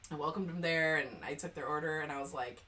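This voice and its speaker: A woman co-hosting a podcast, telling stories in a lively, laughing, casual way. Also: deep voice, fast talker. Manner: animated storyteller, often laughing. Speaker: podcast co-host. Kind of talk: casual chat. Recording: distant mic.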